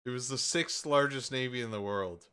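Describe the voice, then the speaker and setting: A man's voice: medium pitch, normal speed, sharp tone, smooth. A man streaming live, commenting casually on videos as he watches, rambling and tripping over his words with sarcastic asides. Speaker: streamer host.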